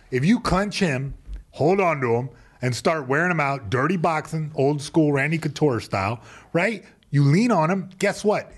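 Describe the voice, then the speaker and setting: A man on a podcast, talking loudly and emphatically with casual swearing as he breaks down fights. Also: fairly high pitch. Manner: loud, emphatic, profane. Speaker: podcast guest, former fighter. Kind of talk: casual chat.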